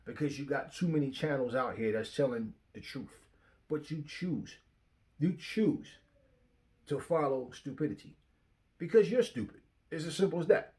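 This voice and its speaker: A man's voice: fairly high pitch, animated, normal speed, a little mellow. Profane, fiery young man ranting. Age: young adult. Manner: confrontational, profane, repeats himself. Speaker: channel host. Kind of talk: heated rant to camera. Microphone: phone facing him.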